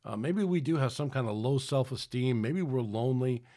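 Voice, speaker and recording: A man's voice: mid-range voice, moderate pace, warm tone. A man preaching on a podcast in a rambling, conversational way, with many restarts. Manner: rambling, with frequent restarts and acted-out quotes. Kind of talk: sermon-style podcast talk.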